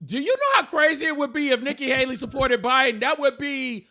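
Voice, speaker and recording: A man's voice: very high-pitched, lively intonation, fairly quick, gravelly, bright, forceful tone. A man co-hosting a podcast, reacting bluntly and swearing in a casual political chat. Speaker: podcast co-host.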